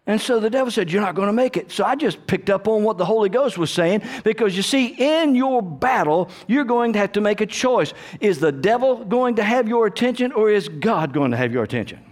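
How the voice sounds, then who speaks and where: A man's voice: high-pitched, expressive, brisk, hardly any pauses. A man, preaching a sermon and telling a personal story, often restarting and calling out for amens. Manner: repetitive restarts, call-and-response amens. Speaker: pastor.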